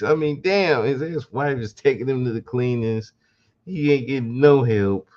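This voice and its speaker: Man, slow unhurried delivery, mocking and sarcastic, podcast monologue, muffled lo-fi recording. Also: medium pitch, sing-song, a little mellow. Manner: mocking, sarcastic, laughing asides. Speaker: podcast host. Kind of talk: casual commentary monologue.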